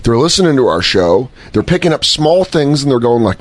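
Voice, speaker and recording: A man's voice: mid-range voice, brisk, few pauses. A man co-hosting a podcast in casual chat, swearing freely and acting out the voices of people he quotes. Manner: animated, swears a lot, acts out quoted voices. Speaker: podcast co-host.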